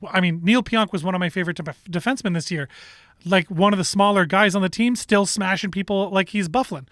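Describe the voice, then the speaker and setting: A man's voice: high voice, brisk, a bit bright, dry recording, clean studio sound. A man with a Canadian accent co-hosting a sports show, talking casually and rambling with restarts and strong opinions.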